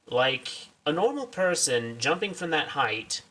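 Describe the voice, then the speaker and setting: A man's voice: on the high side, very animated, measured pace, bright, forceful tone, recorded from a distance. A man giving casual, wry commentary while streaming a game, full of self-mocking asides.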